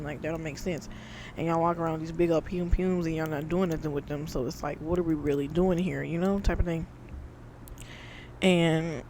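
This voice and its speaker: A young woman telling a casual storytime, chatty and animated, talking straight to her viewers and acting out sound effects. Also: on the low side, slight background noise. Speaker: vlogger.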